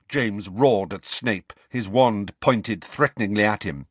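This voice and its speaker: A man narrating an audiobook in an expressive, dramatic way. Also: on the low side, measured pace, slightly rough, no room sound.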